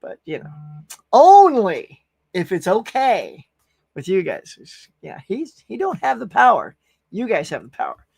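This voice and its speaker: A man's voice: sits high, wildly swooping pitch, moderate pace, creaky, a bit bright, husky, no room sound, clean studio sound. A man hosting a casual movie-talk livestream, reading viewer comments aloud and bantering with the chat. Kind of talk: casual live-stream chat.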